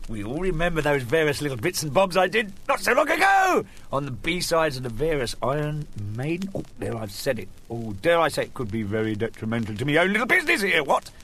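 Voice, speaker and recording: A middle-aged Englishman rambles through a comic monologue, mocking himself as he goes. His voice sits a bit high and swings all over the place. He keeps the tone light and jokey. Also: very animated, fairly quick, hardly any pauses, pushed and bright. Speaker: host.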